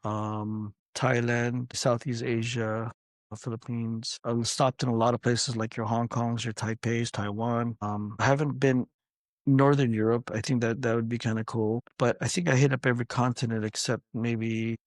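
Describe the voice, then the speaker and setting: A man's voice: medium pitch, flat delivery, normal speed, dry recording. A man with a mid-range voice, a martial arts coach, tells stories with loose, easy energy. He swears casually and slips into voices for the people he quotes. The recording is close and dry, with no room sound. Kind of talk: casual storytelling interview.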